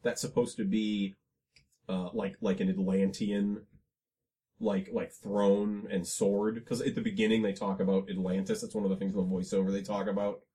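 A man's voice: lowish voice, little pitch movement, moderate pace, warm tone. A man co-hosting a podcast, rambling casually about a movie with plenty of fillers and restarts. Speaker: podcast co-host.

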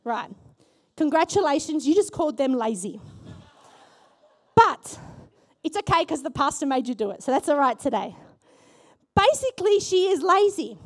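High-voiced animated woman pastor preaching. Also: moderate pace. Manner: animated, rhetorical questions to the congregation. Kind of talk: sermon. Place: church.

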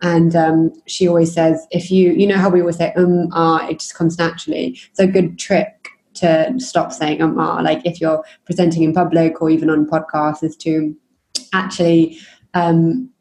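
Woman podcast host on a video call, low mellow voice, relaxed, lots of ums. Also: moderate pace. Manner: relaxed, many fillers, laughs easily. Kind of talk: casual interview chat.

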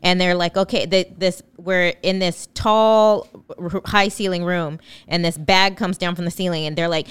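A woman's voice: on the low side, fairly even intonation, normal speed, hardly any pauses, clean tone, dry recording. A woman chatting casually, retelling her dreams in a rambling way with many fillers. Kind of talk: casual conversation.

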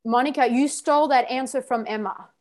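A woman runs the session with a high, bright-set voice. She speaks in terse commands, swears freely and pushes her trainees hard. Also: brisk. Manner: commanding, gives short orders. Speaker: workshop coach. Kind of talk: directive coaching, blunt and profane.

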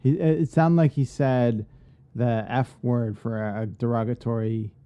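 A man co-hosting a podcast in casual chat, getting animated and swearing freely as he rants. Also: mid-range voice, unhurried, smooth, no echo, lo-fi sound. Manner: animated, profane ranting. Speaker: podcast co-host.

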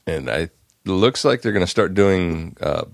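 Low-voiced podcast guy, laughs a lot. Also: normal speed, creaky, no room sound, clean studio sound. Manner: laughs often, lively. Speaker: podcast co-host. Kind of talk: casual chat.

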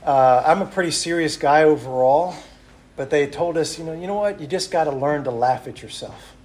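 Male missionary preacher, high voice, story-driven sermon, echoey hall. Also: moderate pace. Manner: animated, acts out quotes. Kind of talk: sermon with stories.

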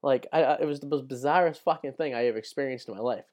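A man's voice: medium pitch, very fast, a little mellow. Rambling, profane young man telling a story. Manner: rambling, profane, fills with "right?" and "like". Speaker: podcast host. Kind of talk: casual storytelling monologue.

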